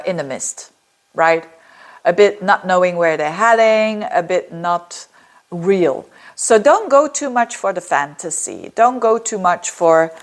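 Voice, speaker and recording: A woman from Belgium, an astrologer, giving a casual monthly horoscope talk in a chatty, digressive way with lively ups and downs. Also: mid-range voice.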